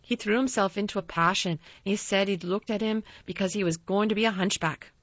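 A woman reading a storybook aloud in a calm, measured narration. The recording is dry and slightly dull, with nothing behind her. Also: medium pitch, no echo. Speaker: audiobook narrator.

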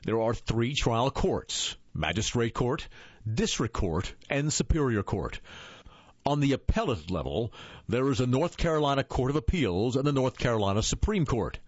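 A man from Iowa narrating his memoir as an audiobook, in an expressive storytelling manner with a husky voice. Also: medium pitch, normal speed, dry recording. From Iowa, USA. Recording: dull, dry lo-fi recording.

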